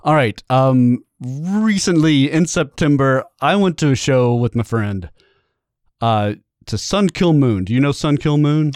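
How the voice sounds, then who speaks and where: A man's voice: medium pitch, unhurried, a little mellow, dry recording. A man hosting a casual music podcast, telling a rambling story and laughing often. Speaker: podcast host. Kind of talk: casual chat.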